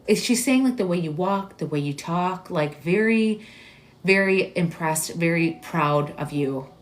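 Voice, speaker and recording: A woman hosting a live stream as a psychic medium, giving readings in a halting, searching way full of "like"s and growing emotional. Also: lowish voice, expressive, soft background music. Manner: halting, searching delivery with many "like"s; emotional, tearful at moments.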